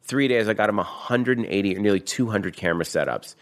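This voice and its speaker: A man with a Boston accent telling a story in a fast, profane, animated way as a guest in a casual chat. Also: lowish voice.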